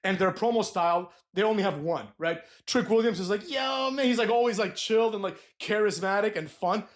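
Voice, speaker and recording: A man ranting about wrestling promos, blunt and profane, and he keeps tagging his points with "right?". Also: high-pitched. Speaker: wrestling commentator. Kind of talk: opinionated rant.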